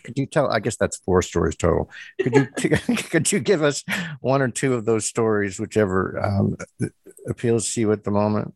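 A man hosting an interview, asking questions hesitantly with many pauses and restarts. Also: on the low side, expressive, vocal fry, slightly rough, no room sound. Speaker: interviewer host. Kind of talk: interview conversation.

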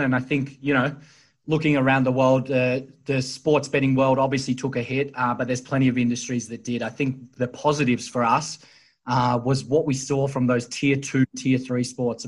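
A man speaks as a podcast guest, holding his pitch level as he explains. He leans on fillers and restarts, circling back to his point. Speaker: sportsbook executive guest. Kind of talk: podcast interview.

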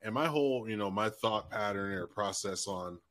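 A man's voice: lowish voice, moderate pace, fairly bright tone. A man hosting an interview podcast, talking casually in loose, filler-heavy phrasing with some swearing. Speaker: podcast host.

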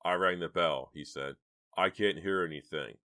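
A man's voice: deep voice, normal speed, pushed and bright. A man voicing a brave teenage boy in an audiobook, speaking with urgent, firm, raised lines. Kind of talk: audiobook reading.

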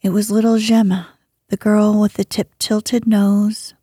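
A woman narrating a bedtime sleep story in a soothing, hushed voice that often drops to a whisper, close to the mic. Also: mid-range voice, flat delivery, measured pace, husky, no room sound.

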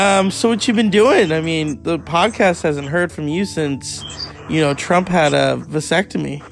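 Man, podcast host, crude, teasing, high voice, faint music behind. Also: vocal fry. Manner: crude, teasing, fast-cutting. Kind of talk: crude comedy podcast chat.

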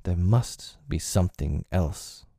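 Guy doing a proper lawyer asking pointed stuff, voice lifts a bit, still deep and mellow. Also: slow, creaky, no room sound, studio quality, exaggerated voice. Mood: perplexed. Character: earnest, proper middle-aged lawyer, probing and polite.

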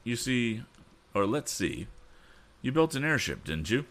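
A man's voice: medium pitch, very animated, a little slow, a bit bright, pitched above the performer's own voice. A man reading the part of a friendly adult racing driver who talks in a chatty, admiring way.

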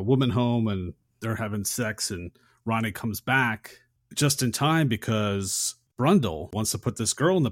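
Guy on a movie podcast, kinda low voice, dead dry recording, just rambling thru the plot and then and then. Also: no room sound. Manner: retells scenes in long chains of "and". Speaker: podcast co-host. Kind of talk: casual film discussion.

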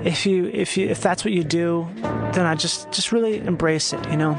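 A man's voice: high voice, a little fast, gravelly, over music. A man hosting a podcast alone, rambling and swearing in a loose comedic monologue with many restarts. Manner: rambling, profane, self-interrupting. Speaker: podcast host.

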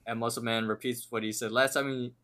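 A man in a mid-pitched, everyday voice, walking through a cartoon episode as a relaxed podcast co-host. He retells each scene at length and now and then reads a line aloud. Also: fast talker. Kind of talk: casual episode recap.

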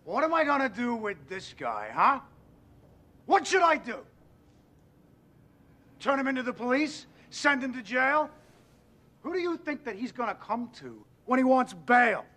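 An actor playing a frantic record store manager, ranting in exasperated rhetorical questions. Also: male voice, extremely high pitch, sing-song, unhurried, long pauses, pushed and bright, heavily acted.

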